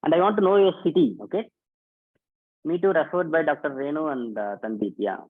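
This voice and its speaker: A man's voice: a little high, a little fast. A man hosting a live online workshop, greeting participants by name and repeating instructions in a casual way. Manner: casual, repetitive, calls out names and instructions. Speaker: workshop host. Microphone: online video call. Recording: tinny phone-like call audio.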